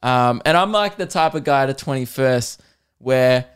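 Man, young adult, comedy podcast host, animated storytelling, frequent laughter. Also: mid-range voice, moderate pace, smooth.

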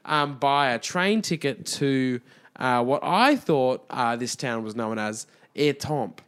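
A man's voice: medium pitch, animated, takes it slowly, a bit bright, smooth. A man co-hosting a podcast, who tells rambling stories in casual comedic chat and laughs often as he talks. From Australia. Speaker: podcast co-host.

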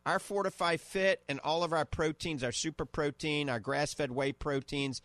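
A man's voice: fairly high pitch, fairly even intonation, moderate pace, a bit bright, no echo. A man with a New Orleans accent hosting a call-in radio health show, chatting enthusiastically and giving recommendations. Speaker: radio show host and eye doctor. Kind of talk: casual call-in radio chat.

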